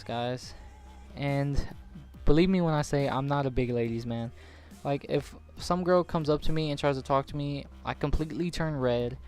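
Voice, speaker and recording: A man's voice: medium pitch, darkish tone. A young man in his late teens telling a personal story casually over gameplay, rambling and swearing with lots of "like". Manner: rambling, profane, full of "like". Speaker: gaming channel host.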